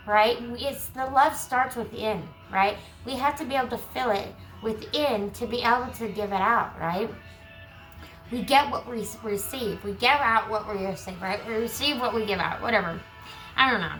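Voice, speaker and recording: A woman giving a collective tarot reading who reads card texts aloud and breaks into chatty asides. She is losing her voice and keeps clearing her throat. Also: a little high, a bit bright, rough recording. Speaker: tarot reader.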